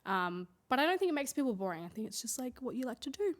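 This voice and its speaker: Podcast co-host: woman in her twenties, slightly high voice, rambling casual chat, has a cough. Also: big pitch swings, quick pace. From Australia. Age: 20s. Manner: chatty, rambling, many fillers.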